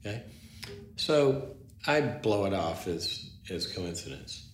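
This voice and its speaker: A man's voice: lowish voice, slow. A man, a psychologist, telling a story in conversation, acting out the dialogue and often restarting his sentences. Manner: animated, acts out dialogue, frequent restarts. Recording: roomy with faint noise.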